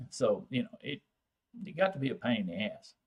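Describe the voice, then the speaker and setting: An older man with a broad Texan drawl, chatting easily with viewers. His talk is folksy and salty, with a medium pitch and an unhurried, plain manner. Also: sing-song, breathy edge. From Texas. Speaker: livestream host. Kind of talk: casual chat with viewers.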